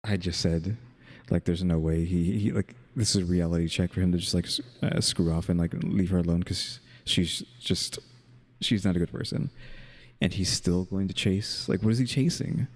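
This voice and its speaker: A man's voice: sits low, moderate pace. A man co-hosting a casual commentary chat, musing aloud and posing wry rhetorical questions. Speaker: co-host.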